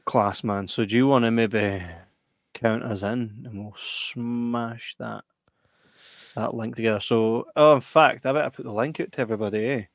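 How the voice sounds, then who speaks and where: A middle-aged Scottish man chatting on a podcast, telling stories and laughing often. His voice has an ordinary, middling pitch for a man. It is recorded close and dry, with no room sound. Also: steady tone, moderate pace, vocal fry, dry recording. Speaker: podcast co-host. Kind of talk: casual chat.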